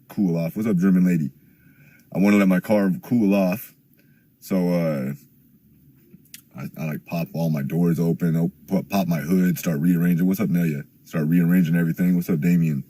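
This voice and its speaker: A young man telling a rambling, profane story in casual chat, getting louder and higher as he gets worked up. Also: slightly rough.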